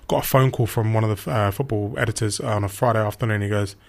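A young man working as a football radio reporter tells lively anecdotes in casual conversation, acting out the quotes. His voice sits lowish, moves fast and carries vocal fry.

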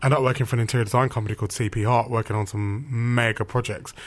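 A man's voice: medium pitch, rapid-fire. Chatty man telling a story. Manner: chatty and animated, full of "like" and "you know". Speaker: radio presenter, interview guest. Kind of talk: casual interview storytelling.

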